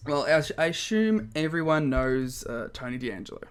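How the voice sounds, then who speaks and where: A man's voice: on the high side, expressive, normal speed, smooth. A man with an Australian accent co-hosting a podcast, chatting casually in a rambling way and laughing often. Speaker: podcast co-host. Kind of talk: casual chat.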